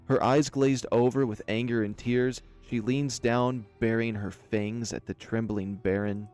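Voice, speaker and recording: A man narrating a visual novel in a dramatic, steady storybook reading. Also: medium pitch, unhurried, hardly any pauses. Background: soft music.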